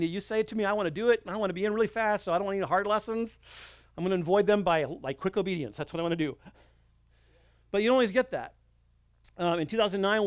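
A middle-aged man preaching in a conversational, earnest way, often restarting his sentences and acting out little quoted exchanges. His voice sits high for a man. The sound is dry and close, with little room echo. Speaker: pastor. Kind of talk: sermon with personal stories.

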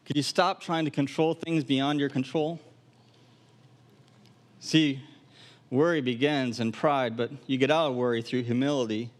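A middle-aged man from Wisconsin preaching a sermon in an animated, humorous way, with acted asides. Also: fairly high pitch, normal speed, long pauses. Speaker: pastor. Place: camp gathering hall.

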